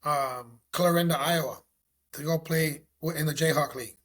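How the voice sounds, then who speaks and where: A man telling a story as a podcast guest, animated and slangy. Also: fairly high pitch, normal speed. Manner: animated, slangy, acts out quotes. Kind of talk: casual storytelling.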